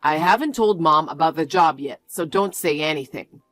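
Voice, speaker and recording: A woman's voice: low voice, moderate pace, a bit bright, dry recording. Woman voicing a defensive young fiancé. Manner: defensive and demanding. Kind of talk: storybook narration.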